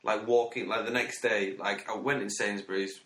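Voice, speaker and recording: A man's voice: fairly low pitch, steady tone, moderate pace. A man, chatting in a rambling, joking way as a podcast co-host. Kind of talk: casual comedic banter. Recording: echoey room with faint noise.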